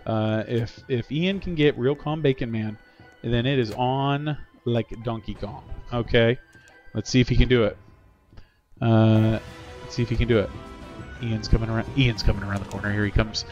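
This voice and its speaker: During a game livestream, a middle-aged male host offers casual commentary, talking cheerfully with viewers and encouraging players. His medium-pitched voice has a steady, darkish tone at a moderate pace, heard through slightly dull lo-fi audio with faint game music.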